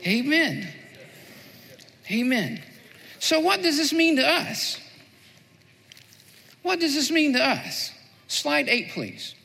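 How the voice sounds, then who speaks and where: A man preaching a sermon with a strikingly high, bright, gravelly voice. He repeats his key phrases and presses them home with fervent emphasis. The sound carries a long hall reverb. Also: big pitch swings, takes it slowly, long pauses. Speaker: pastor.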